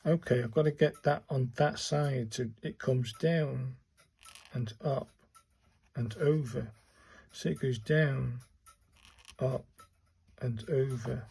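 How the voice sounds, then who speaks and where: A man's voice: medium pitch, slow, gravelly, pauses often, dark tone, breathy edge, rough recording. A man casually talking himself through his writing strokes, muttering step by step as he practices. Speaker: calligraphy learner and channel host. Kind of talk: casual narration while practicing.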